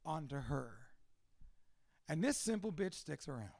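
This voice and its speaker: A man's voice: fairly high pitch, big pitch swings, a little slow, long pauses, dry recording, clean studio sound. A man from a Cuban family, a father of two, telling his life story in a candid, profane, emotional monologue. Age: adult with two children.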